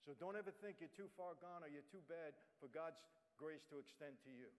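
A man preaches his testimony in a blunt, plain-spoken way, talking right at the crowd. His voice sits a little higher than most men's. A long reverb from a big hall trails behind every line. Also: brisk. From New York, USA. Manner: blunt, conversational, addresses the audience directly. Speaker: guest speaker. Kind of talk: testimony sermon. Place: church.

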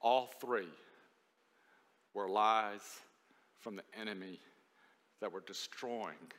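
A male pastor preaching a sermon from a church podium, telling stories animatedly and swinging between loud and hushed delivery. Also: on the low side, slow. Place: church sanctuary. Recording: long reverb of a large hall.

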